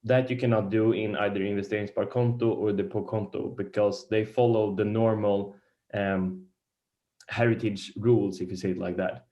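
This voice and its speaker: Halting low-voiced man lecturing. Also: flat delivery, mellow, dull audio. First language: Swedish. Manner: halting, searches for words, many restarts. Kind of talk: beginner investing lecture. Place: lecture room.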